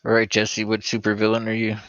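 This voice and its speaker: A man's voice: on the low side, completely flat delivery, a little fast, a bit bright, no room sound, highs cut off. A man hosting a casual live stream, upbeat and egging the others on. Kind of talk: casual chat.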